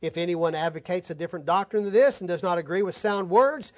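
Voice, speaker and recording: A man's voice: high voice, fast. A man preaching a conversational sermon to his congregation, telling stories and talking straight to the folks in the room. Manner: conversational preaching, addresses folks directly, tells anecdotes. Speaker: pastor.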